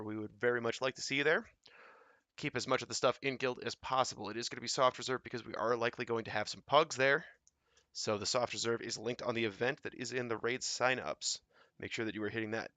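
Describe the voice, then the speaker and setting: Brisk man wrapping up a game raid. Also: medium pitch, pushed and bright, no room sound. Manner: brisk, matter-of-fact announcements with fillers. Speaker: raid leader and streamer. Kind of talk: casual post-raid wrap-up to guild and stream.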